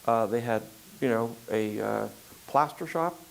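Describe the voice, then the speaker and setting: An older man talks through a story in a loose, rambling way, stopping often for fillers and starting over mid-sentence. His voice has a gravelly rasp to it. A faint hiss sits under the recording. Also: mid-range voice, measured pace, poor audio. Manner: rambling, frequent fillers and restarts. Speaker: filmmaker guest. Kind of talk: conversational interview.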